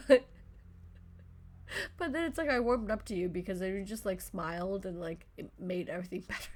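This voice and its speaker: A woman's voice: medium pitch, lively intonation, normal speed. Passionate, rambling woman podcaster. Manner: effusive, passionate, rambling with self-interruptions. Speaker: podcast host. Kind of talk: motivational solo podcast talk.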